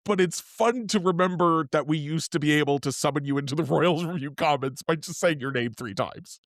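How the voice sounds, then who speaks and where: A relaxed man co-hosts a casual podcast, chatting and joking at a mid pitch. His voice sounds dry and close to the mic. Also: fairly quick, no echo. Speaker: podcast co-host.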